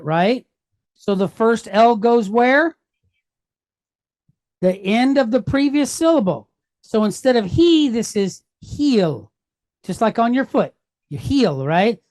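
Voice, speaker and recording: Slow, patient woman teaching Hebrew. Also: medium pitch, darkish tone, dry recording. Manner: patient, step-by-step, asks questions and answers them herself. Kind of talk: classroom lesson.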